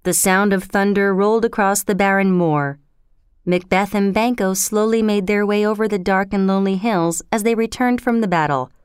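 A woman reads a story aloud in a measured, clear storytelling manner. Her voice is smooth and resonant, at a mid pitch. The recording is dry and close. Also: fairly even intonation, no echo. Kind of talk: storybook narration.

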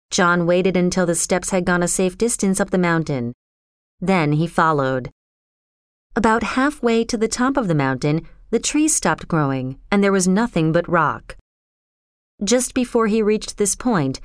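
A woman narrating a novel chapter in a measured, even storytelling manner. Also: lowish voice, clear, resonant tone, no room sound, studio quality. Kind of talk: audiobook narration.

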